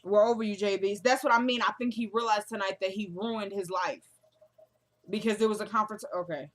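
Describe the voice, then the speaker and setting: A woman's voice: mid-range voice, steady tone, fairly quick. A young woman casually recapping a TV drama episode, chatting and laughing, and she drops her voice to quote the characters' lines. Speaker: show recap vlogger.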